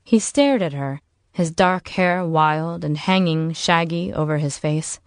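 Lowish-voiced woman reading a story. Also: no echo, studio quality. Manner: measured, even storytelling. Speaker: audiobook narrator. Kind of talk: scripted narration.

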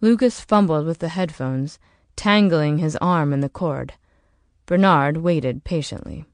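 Casting: woman audiobook narrator, low voice, steady, dry close sound. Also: a little slow, no echo.

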